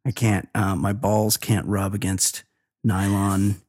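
A man co-hosting a comedy podcast, joking crudely and giving deadpan denials. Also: on the low side, takes it slowly. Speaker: podcast co-host.

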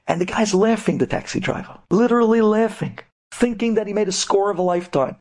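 A man telling a story to an audience in an animated, chatty way. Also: high voice, fairly quick, few pauses.

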